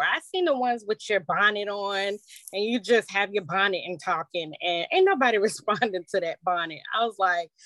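A woman's voice: medium pitch, no echo. A middle-aged woman eagerly telling the group a story about her daughter. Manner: excited, animated retelling. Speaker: group member. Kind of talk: casual storytelling.

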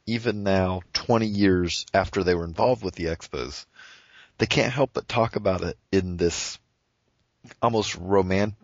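A man's voice: deep voice, no room sound. A man who writes for the show, chatting on a podcast and running through lists of names and rankings. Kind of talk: casual podcast chat. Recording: dull lo-fi audio.

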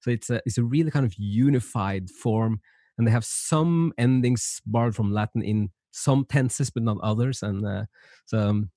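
A man's voice: mid-range voice, normal speed, mellow, dry recording, clean studio sound. A man hosting a podcast interview who talks hesitantly, with many fillers and restarts. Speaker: podcast host. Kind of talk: casual interview conversation.

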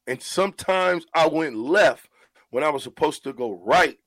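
A man's voice: on the high side, lively intonation, normal speed, fairly bright tone, dry recording. Earnest man talking on the radio. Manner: earnest, repeats words when emotional. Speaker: radio show host. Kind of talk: heartfelt radio talk.

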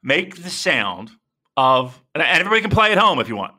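Slightly high and fairly quick, this man's voice drives his storytelling as co-host of a casual wrestling podcast. He swears, rambles, and stays animated while coping with a sore shoulder.

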